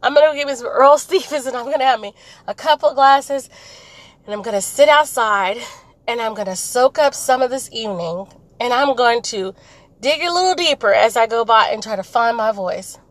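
A woman's voice: on the high side, animated, moderate pace, no echo, low-quality recording. A woman hosting her own podcast, venting bluntly and repeating herself for emphasis while recording from a car. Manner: blunt, repetitive, emphatic, rambling. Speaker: podcast host. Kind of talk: candid venting monologue. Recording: road noise from a car.

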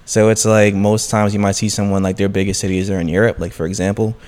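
A man's voice: lowish voice, little pitch movement, fast, darkish tone. A man from Brooklyn, a music artist answering candidly and reflectively. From Brooklyn, New York. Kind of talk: casual interview answer. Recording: long reverb of a large room.

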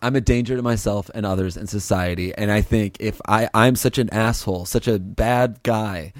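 A young man co-hosting a casual comedy podcast, deadpan and self-mocking, sometimes sliding into a wailing sing-song bit. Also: lowish voice, normal speed, no echo. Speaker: podcast co-host.

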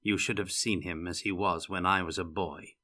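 A man's voice: low-pitched, steady tone, moderate pace, pushed and bright. A man voicing a genial male prince who tells ghost stories with relish, in an audiobook reading. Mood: fond.

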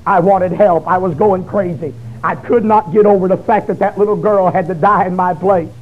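High-voiced husky preacher man. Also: steady tone, moderate pace. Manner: emotional, swings from shouting to hushed low tones. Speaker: preacher giving his testimony. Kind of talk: fiery testimony sermon. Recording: dull lo-fi recording.

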